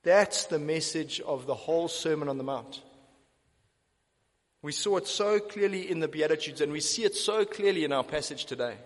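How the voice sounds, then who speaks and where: A man preaching a sermon in a church hall, his fairly high voice carried by a long reverb. He speaks emphatically, repeating key phrases to drive them home. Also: animated, normal speed.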